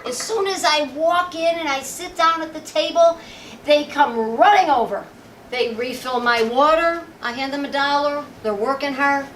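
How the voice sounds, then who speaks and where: A woman comic from Chicago, chatting her way through dating stories in a high, bright-sounding voice. The sound is roomy and distant, as if caught from across a lounge, with a faint hum behind her. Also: moderate pace. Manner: chatty, storytelling, acting out punchlines. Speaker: stand-up comedian. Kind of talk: stand-up comedy set. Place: lounge stage with live audience. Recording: echoey lounge, mic at a distance.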